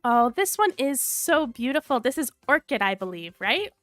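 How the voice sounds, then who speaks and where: A woman hosting a casual livestream, sick with a cold, with a low sultry tone, gushing and reading viewer comments aloud. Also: big pitch swings, normal speed, a bit bright, no echo, clean studio sound. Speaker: livestream host.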